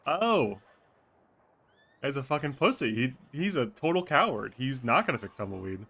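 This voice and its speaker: Streaming a role-play game, a man chats casually with viewers out of character, thinking aloud and swearing freely. His voice is medium-pitched and brisk with big pitch swings and a sharp tone.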